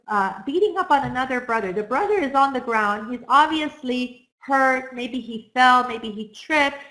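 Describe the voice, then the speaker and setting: A woman's voice: fairly high pitch, fairly bright tone. Earnest woman counselor, echoey room. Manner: earnest, encouraging, asks the audience questions. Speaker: counselor speaking on self-esteem. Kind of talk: talk to an audience.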